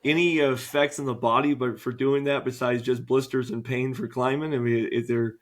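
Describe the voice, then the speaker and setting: A man hosting a podcast interview, asking questions in a relaxed and friendly way. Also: medium pitch, moderate pace. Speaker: podcast host.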